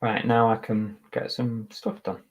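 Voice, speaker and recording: A man's voice: fairly low pitch, flat delivery, measured pace. A man from Manchester, England, chatting casually on a live stream while listing items, muttering to himself and tossing asides to viewers. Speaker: eBay reseller streaming live. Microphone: webcam.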